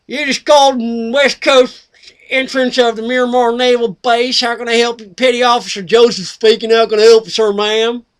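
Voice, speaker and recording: Man doing a high, loud Southern navy gate officer. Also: level tone, moderate pace, clear, resonant tone. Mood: formal. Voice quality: loud, high put-on drawl. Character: Southern-drawling male naval base gate officer.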